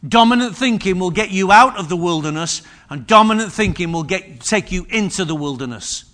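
A man's voice: sits high, expressive, brisk, a bit bright. A man preaching a sermon, repeating phrases for emphasis and restarting his sentences often.

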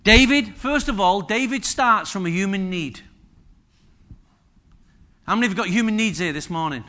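Male pastor in a sermon; conversational, jokes, repeats lines; high, bright voice. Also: expressive, normal speed. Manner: humorous, conversational preaching with repetition and asides to the congregation. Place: church service.

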